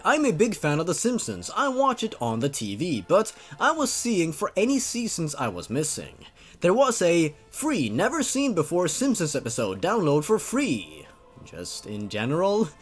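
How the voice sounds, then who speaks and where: A man hosting a comedic read-through of bad horror stories, sarcastic and mocking and prone to laughing. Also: mid-range voice. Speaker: YouTube host reviewing creepypastas.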